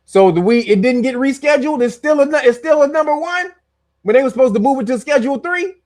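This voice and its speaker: A man's voice: extremely high pitch, expressive, quick pace, a little mellow. A man giving casual, profane reaction commentary on a video clip, incredulous and laughing often. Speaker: reaction streamer.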